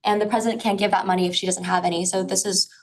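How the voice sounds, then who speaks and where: A young woman student senator speaking in a meeting discussion, chatty and quick to laugh at herself. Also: mid-range voice, flat delivery, rough recording. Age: young adult.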